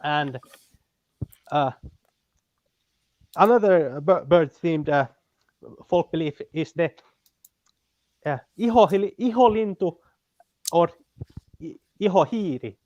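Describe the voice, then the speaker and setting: Finnish guy chatting, lots of uhs and restarts, slightly high voice, dull lo-fi mic. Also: darkish tone, dry recording. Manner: halting, many fillers and restarts. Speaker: guest. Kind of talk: casual chat.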